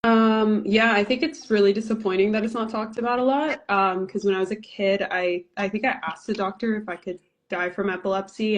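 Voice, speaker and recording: A woman in her twenties from Canada, answering interview questions over a video call. Her speech is earnest and halting, full of ums and likes. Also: mid-range voice, dull audio. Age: 20s. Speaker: documentary filmmaker and guest.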